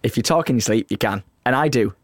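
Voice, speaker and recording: A man co-hosting a podcast in casual chat, excitable and giggly, often jumping into high squeals. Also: fast, no room sound, studio quality. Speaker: podcast co-host.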